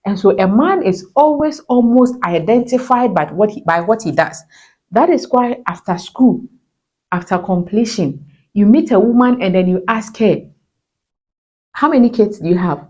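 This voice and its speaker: A woman giving casual relationship advice to camera in an animated way, often calling viewers "my dear". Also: medium pitch, moderate pace. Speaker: relationship vlogger.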